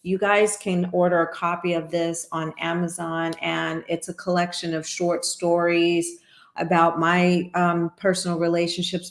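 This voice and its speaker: A middle-aged woman with a lowish voice hosts a reaction video, musing aloud in casual, reflective commentary. Her voice carries a roomy echo, as if recorded in a bare room. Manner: reflective, talks through thoughts with fillers.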